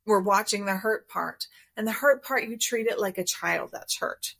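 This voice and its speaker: A woman therapist talks through her method as a podcast guest. She is calm and measured, explaining steadily in a mid-range voice. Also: mid-range voice, gravelly.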